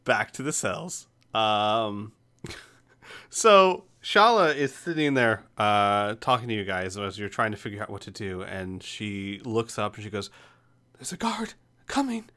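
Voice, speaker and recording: Man game master narrating a tabletop game, relaxed, lowish voice. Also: a little slow, smooth. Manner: relaxed, with fillers and laughter.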